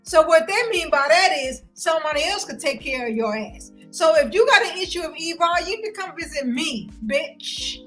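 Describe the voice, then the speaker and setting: High, bright, heated woman ranting. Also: lively intonation, normal speed, hardly any pauses, faint music behind, rough recording. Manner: loud, heated and confrontational, with frequent cursing. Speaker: vlogger ranting to viewers. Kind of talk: profane livestream rant.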